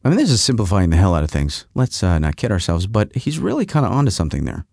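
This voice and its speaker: A man hosting a podcast, telling a rambling story in a casual, animated way with frequent restarts. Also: deep voice, quick pace, creaky, dry recording, clean studio sound. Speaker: podcast host. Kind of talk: casual monologue.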